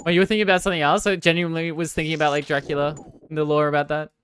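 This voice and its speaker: Her low voice comes out flat and rapid-fire over a slight hiss or hum. She's a young streamer from Victoria, Australia, casually reading viewer comments, joking sarcastically and erupting in loud protest.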